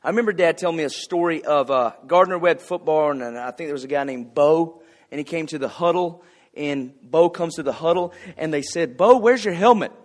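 A man's voice: fairly high pitch, a little fast. A man preaching a casual, folksy sermon, telling anecdotes and joking with the congregation. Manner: folksy, conversational, jokes with the congregation.

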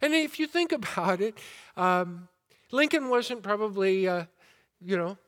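Male pastor, sermon delivery, high-pitched, unhurried, builds to emphatic points. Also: animated, big-room sound. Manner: deliberate preaching with rising emphasis and quiet asides.

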